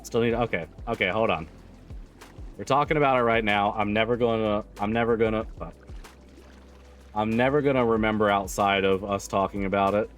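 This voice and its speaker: Laid-back low-voiced male streamer. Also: fairly quick, faint music behind. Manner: relaxed, joking, swears freely. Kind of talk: casual livestream chat.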